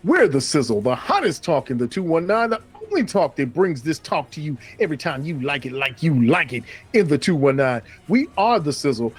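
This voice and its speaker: A man's voice: fairly high pitch, big pitch swings, brisk, hardly any pauses, slightly rough, soft background music. A man co-hosting a casual sports talk show, playful, with a hype promo delivery.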